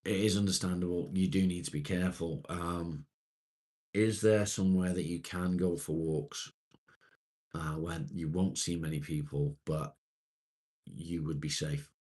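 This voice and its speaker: A man's voice: deep voice, fairly even intonation, measured pace, a little mellow. A middle-aged man, casually chatting and reassuring viewers on a live stream.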